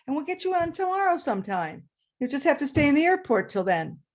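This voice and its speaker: A woman storyteller quoting a calm male co-pilot announcing to passengers. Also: sits high, fairly quick, voice pushed up.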